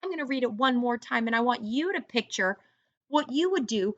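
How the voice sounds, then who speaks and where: A woman teaching an online first grade reading lesson, encouraging young children and sounding out words slowly. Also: on the high side, animated, no echo, muffled recording.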